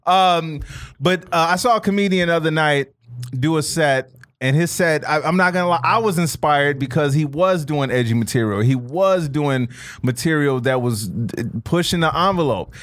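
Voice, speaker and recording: A man's voice: a little high, normal speed, a bit bright. A man co-hosting a podcast, talking casually and animatedly, often calling his co-host "bro". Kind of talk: casual chat.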